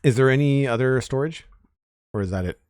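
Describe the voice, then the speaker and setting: On a live stream, a man with a mid-range voice chats casually with viewers as he plays a game, speaking a little fast. He's relaxed and talkative, reading out chat names, thanking followers and commenting along the way. The tone is clean, studio-quality, with no echo.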